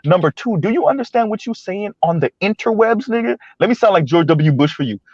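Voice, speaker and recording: A man's voice: sits high, sing-song, fairly quick, no room sound, muffled recording. A man in a casual chat, lecturing hard with stuttered repeats.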